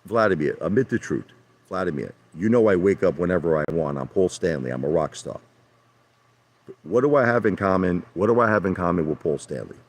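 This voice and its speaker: Deep-voiced brash man ranting live. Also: expressive, fairly quick. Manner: brash, argumentative, repeats himself, addresses chat by name. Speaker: livestream host. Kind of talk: rambling live chat with viewers. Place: in a hot tub by a pool.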